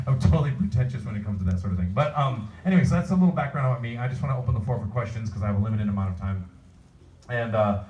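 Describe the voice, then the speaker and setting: A man's voice: on the low side, darkish tone, highs cut off. Rambling man in an echoey hall. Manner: rambling, restarts often, chatty. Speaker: voice actor, convention panel guest. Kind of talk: convention panel Q&A. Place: convention hall. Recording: echoey hall, distant mic, faint room noise.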